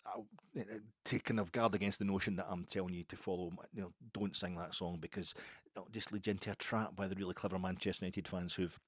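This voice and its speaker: A man's voice: low voice, steady tone, fast, no echo. A man hosting a podcast, talking in a rambling, chatty, wry way with many asides and restarts. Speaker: podcast host. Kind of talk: casual football podcast monologue.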